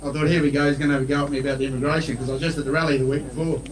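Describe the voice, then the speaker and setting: A man's voice: mid-range voice, level tone, racing, distant mic, poor audio. An Australian man giving a blunt, folksy rally speech, telling stories in plain colloquial talk. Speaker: politician speaking at a rally. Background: crowd.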